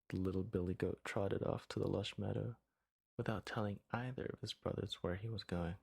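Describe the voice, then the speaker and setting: A man reading a children's story aloud in a soft ASMR voice, sometimes dropping to a whisper. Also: lowish voice, steady tone, brisk, creaky, slightly rough.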